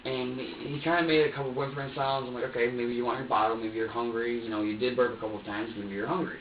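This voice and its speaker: A young man in his twenties talks in a halting, profane ramble while being questioned. He is picked up from across an echoey interview room. The recording is dull and muffled, with a faint hum of ambience behind him. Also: mid-range voice, steady tone, distant mic. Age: 20s. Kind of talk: police interrogation statement.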